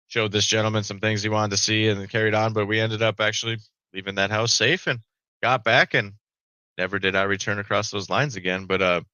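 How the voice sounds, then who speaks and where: A man's voice: lowish voice, sharp tone, clean tone, dry recording, poor audio. A middle-aged man, a podcast guest, telling a story in a casual way, swearing freely and tagging lines with "right?".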